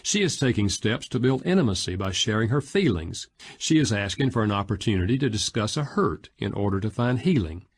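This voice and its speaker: A man narrating an audiobook in a measured, expressive reading style. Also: on the low side, husky.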